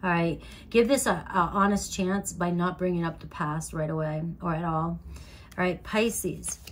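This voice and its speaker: A woman's voice: fairly low pitch, normal speed, slight background noise. A young woman giving a casual tarot reading to her viewers, chatty and loose, often starting with "all right.". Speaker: tarot reader.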